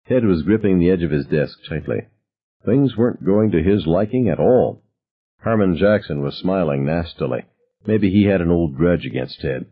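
A man narrating a novel in first person, with expressive storytelling. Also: low voice, normal speed, breathy edge, phone-quality sound. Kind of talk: audiobook narration.

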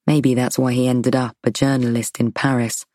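A woman's voice: rumbling low, flat delivery, moderate pace, warm tone. A woman reading a first-person story, her inner monologue tense and wry. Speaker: audiobook narrator. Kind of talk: first-person scripted narration.

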